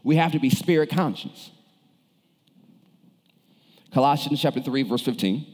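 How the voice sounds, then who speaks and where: A man's voice: medium pitch, unhurried, darkish tone, breathy edge, in a large hall. A male pastor preaching a sermon, turning to the congregation with questions and cues. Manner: preaches with shifting emphasis, calls on the congregation.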